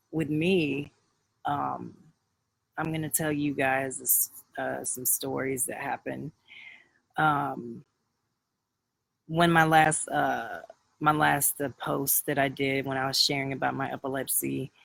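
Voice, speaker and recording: A man's voice: medium pitch, creaky, fairly bright tone, no room sound, low-quality recording. A man around thirty talking candidly on a live video, rambling through a personal story with many fillers and restarts. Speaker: livestream host.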